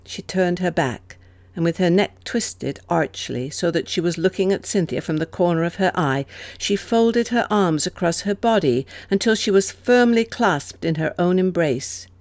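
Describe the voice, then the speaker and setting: Woman audiobook narrator, measured, lively intonation, fairly low voice. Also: no echo. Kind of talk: scripted narration.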